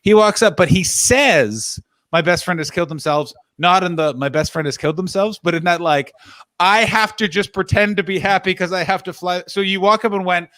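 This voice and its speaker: A man's voice: sits high, moderate pace, a bit bright. Rambling man hosting a casual stream. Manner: rambling storyteller, many restarts and asides. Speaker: streamer and host. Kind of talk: casual chat.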